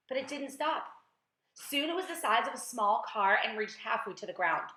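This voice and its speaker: Woman teacher reading aloud, expressive, highish voice, roomy echo. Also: moderate pace. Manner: lively, expressive storytelling. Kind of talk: reading a children's book aloud.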